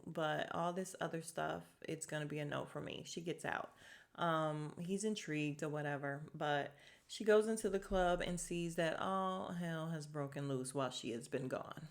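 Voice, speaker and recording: Chatty woman recapping a show. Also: on the low side. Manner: chatty, reacts with laughs and retells scenes in quoted voices. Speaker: podcast host recapping a TV show. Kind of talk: casual recap chat.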